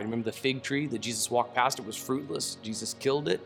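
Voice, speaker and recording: A man giving a casual Bible teaching, reading scripture aloud and breaking into slangy, animated asides with laughter. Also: medium pitch, quick pace, gravelly, few pauses, faint music behind.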